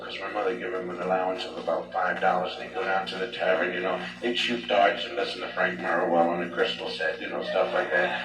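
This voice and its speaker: Rambling stand-up comic, echoey and distant. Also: male voice, lowish voice. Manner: rambling, animated, leans on 'you know'. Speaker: stand-up comedian. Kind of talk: stand-up storytelling. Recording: echoey distant live recording with music.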